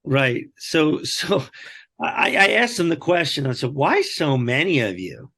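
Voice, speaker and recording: Animated man telling a story. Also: fairly high pitch, measured pace, slightly rough. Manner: animated, acts out quoted dialogue. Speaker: podcast guest. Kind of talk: storytelling in conversation.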